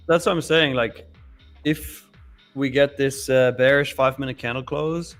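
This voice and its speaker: Male co-host, casual market talk, mid pitch, soft music underneath. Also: unhurried. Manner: relaxed, repeats himself, stammers. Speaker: co-host trader. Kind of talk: casual live trading chat.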